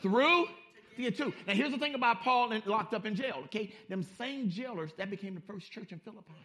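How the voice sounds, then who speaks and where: A male pastor preaching a sermon, emphatic and folksy, repeating phrases and swinging between hushed and loud. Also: high-pitched, fairly quick. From Southern California. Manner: folksy street-style preaching.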